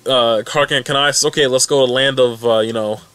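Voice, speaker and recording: A young man casually recapping and reacting to a webcomic update, rambling and excitable with many restarts. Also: medium pitch, a little fast, smooth, faint music behind. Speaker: fan recap vlogger.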